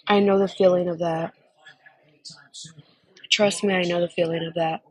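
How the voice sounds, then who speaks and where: A woman's voice: on the low side, steady tone, moderate pace, slightly rough, low-quality recording. A young woman on a casual phone chat, gushing and emotional, calling the listener honey.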